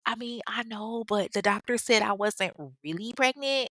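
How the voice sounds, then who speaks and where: Brief: woman doing a young woman making excuses, soft, lifted pitch, apologetic. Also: normal speed, no echo, close to an everyday voice. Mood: pleading.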